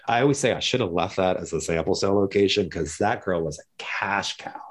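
A man's voice: sits low, brisk. A man from Missouri, a guest in an interview, telling his story in a conversational way and acting out other people's lines in quoted voices. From Missouri, USA.

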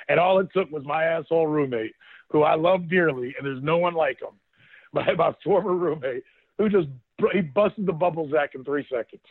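A man in his thirties tells a story in a loose, animated way, breaking into laughter and acting out what others said. His voice sits on the high side. It comes through a thin, phone-like line with no room sound. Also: dry recording. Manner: animated storyteller, laughs often, quotes people. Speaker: former football player, guest. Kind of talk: casual storytelling on a call-in show.

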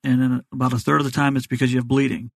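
A man's voice: mid-range voice, little pitch movement, vocal fry, no echo. A man, a doctor as a guest, explaining health matters in plain, practical terms. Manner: fast, plain-spoken explainer. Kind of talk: explanatory interview answers.

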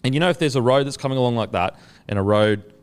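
A man's voice: mid-range voice, fast, smooth. A man, host of a casual chat, telling a long story with lots of swearing and acted-out quotes. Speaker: podcast host.

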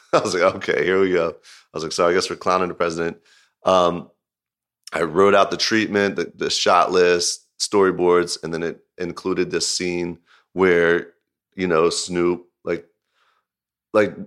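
A man's voice: sits low, a little slow, smooth. A man who directs music videos, telling a story in an interview in a casual, rambling way, full of "like" and with bursts of laughter. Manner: rambling, filler-heavy storytelling with frequent "like"; animated, laughing retelling.

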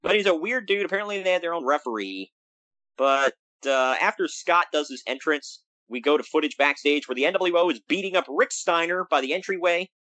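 Animated, lively man recapping wrestling. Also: a little fast, no echo, rough recording. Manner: animated, jokey, swings pitch for emphasis. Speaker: podcast co-host recapping wrestling. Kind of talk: casual chat.

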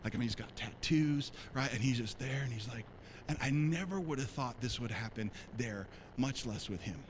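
Male pastor, storytelling sermon, mid-pitched voice, faint background noise. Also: normal speed. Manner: animated, conversational, talks to congregation. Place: church sanctuary.

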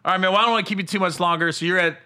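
A man hosting a casual chat, telling lively stories and laughing often. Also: sits high, rapid-fire. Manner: animated storyteller who laughs a lot. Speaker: podcast host.

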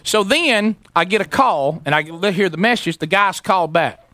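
A man, hosting a talk radio show and telling a story in a lively way, acting out the people in it. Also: sits high, moderate pace. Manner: animated, acts out quoted voices, sarcastic. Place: radio studio.

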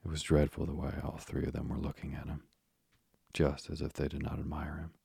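Male audiobook narrator, dark husky tone, dry close sound. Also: a bass voice, completely flat delivery, fairly quick, dry recording. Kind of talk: audiobook narration of a classic children's story.

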